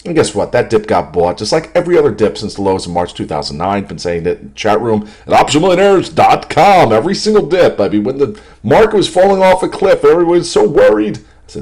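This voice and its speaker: A man giving a casual, jokey stock market commentary over charts, self-amused and animated. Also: medium pitch.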